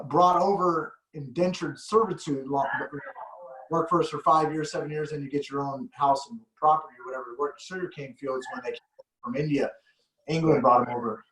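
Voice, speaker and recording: Male podcast host, easygoing rambler, slightly high voice. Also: steady tone, normal speed, a bit bright. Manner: rambling storyteller, laughs often. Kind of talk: casual podcast chat. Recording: echoey room.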